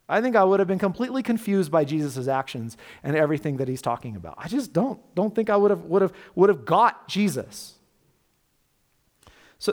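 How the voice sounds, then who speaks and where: A male pastor delivers a sermon in a lively, conversational style, peppered with rhetorical questions. His voice is high, and the sound trails off in a long reverb tail.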